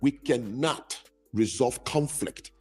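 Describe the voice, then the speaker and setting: A man's voice: medium pitch, slow pace, darkish tone, breathy edge, faint music behind. A man from Africa on a live-stream panel, listing points one by one in a sardonic way. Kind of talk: casual live-stream debate.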